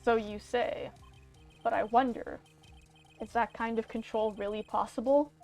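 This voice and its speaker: An earnest young defense lawyer from a video game, played by a woman in amateur voice acting. He asks his questions plainly and sincerely, in a fairly high voice over faint music. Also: fairly even intonation, measured pace, creaky, mellow.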